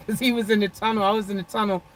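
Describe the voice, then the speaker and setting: This is a rough recording with a little hiss or hum, featuring a medium-pitched woman live-streaming from her parked car. She reads the chat and banters loosely with viewers by name, laughing, rambling, and saying "freaking" a lot.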